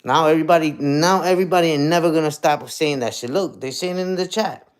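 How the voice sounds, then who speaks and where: A man's voice: a little high, fast talker. A man streaming live, ranting and taunting in a casual way and repeating "you heard?" over and over. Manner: taunting, repetitive, peppers lines with "you heard?".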